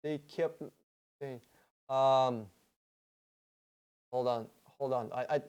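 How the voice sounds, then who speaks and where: A man hosting a casual livestream Q&A, reading out viewer questions and answering them in a profane, excitable, rambling way. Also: medium pitch, extremely slow, smooth.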